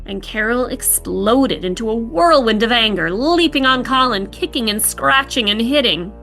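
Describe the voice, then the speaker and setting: A woman's voice: fairly high pitch, animated, normal speed, vocal fry, music in the background. A woman hosting a true-crime podcast, narrating in a dramatic, punchy way. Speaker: podcast host.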